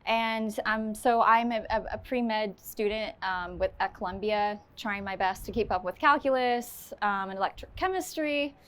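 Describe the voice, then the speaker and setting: A woman's voice: medium pitch, moderate pace, few pauses, a bit bright, clear, resonant tone. A woman speaking on stage to a live audience, telling a personal story with candid, self-deprecating humor and then answering questions.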